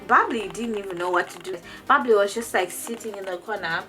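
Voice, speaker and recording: Young woman doing a storytime vlog, bright voice, lots of restarts and repeated words, faint music behind. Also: brisk, hardly any pauses. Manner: animated, jumps into high quoted voices. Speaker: vlogger. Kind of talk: casual storytime.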